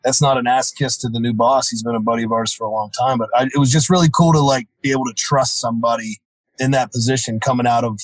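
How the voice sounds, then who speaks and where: A man's voice: mid-range voice, steady tone, fast, no room sound, rough recording. A man who wrestles professionally, talking upbeat in a casual chat and swearing casually. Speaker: pro wrestler guest.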